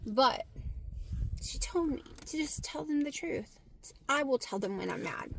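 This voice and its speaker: A woman with a Southern American accent, talking frankly to camera in a casual vlog, getting loud and animated when excited. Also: medium pitch, normal speed, slight background noise. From Southern United States. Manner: frank and blunt, swears freely. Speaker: vlogger.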